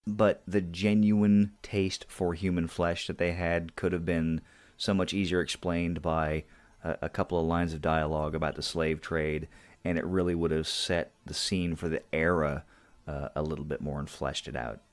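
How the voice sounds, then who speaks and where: A man co-hosting a casual movie review podcast, making dry jokes and slowing down to make his points. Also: low voice, flat delivery. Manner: dry, joking asides, slows down to make points. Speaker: podcast co-host.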